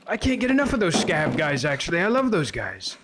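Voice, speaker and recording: Animated joking male gamer. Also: on the high side, fairly quick, background noise. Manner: jokey, animated, swears freely. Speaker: streamer. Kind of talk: casual gaming banter.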